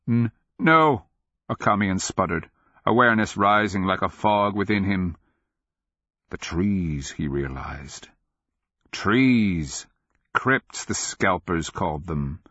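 Slow, deep-voiced male audiobook narrator. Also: bright, forceful tone, no room sound, dull audio. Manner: measured, grave storytelling.

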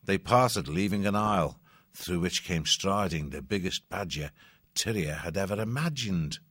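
Reading a story for an audiobook, this low-voiced male narrator keeps an even, unhurried rhythm. There is no room sound at all in the dry, close-miked recording.

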